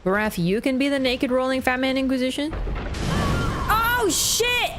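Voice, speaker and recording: With soft music in the background, a woman chats her way through a live game stream in a high-pitched, quick voice. Her commentary is casual, packed with swearing and frequent fits of laughter.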